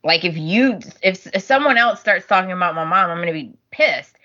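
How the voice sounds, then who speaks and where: A woman's voice: lowish voice, fairly quick. A woman co-hosting a podcast, chatting casually and acting out scenes with lots of laughter. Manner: animated, laughs often, acts out characters' lines. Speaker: podcast co-host. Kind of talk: casual chat recapping a soap opera. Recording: dull lo-fi audio.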